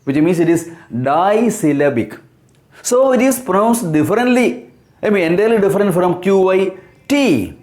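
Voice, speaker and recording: A man teaching English, explaining words slowly, spelling them out letter by letter and repeating key terms. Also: high voice, very animated, darkish tone, soft background music. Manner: asks and answers his own questions. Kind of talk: slow explanatory lesson.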